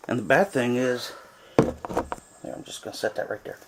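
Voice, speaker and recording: A man's voice: medium pitch, moderate pace, vocal fry, heavy background noise. A man chatting casually to a camera from a small cabin in the woods, rambling with lots of fillers. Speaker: vlogger on a cabin trip.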